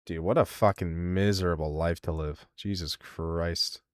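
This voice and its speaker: A low-pitched man streaming live, reading viewer answers aloud and tearing into them with crude, mocking exasperation. His voice sits close and dry on the mic, with no room sound around it. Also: fairly even intonation, unhurried, no echo. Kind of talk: casual live-stream commentary.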